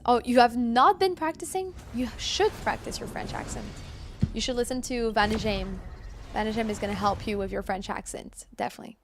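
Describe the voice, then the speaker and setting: A woman's voice: fairly high pitch, slight background noise. A woman live-streaming from home, chatting casually and answering viewers as she plays. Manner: chatty, reads chat aloud and answers viewers.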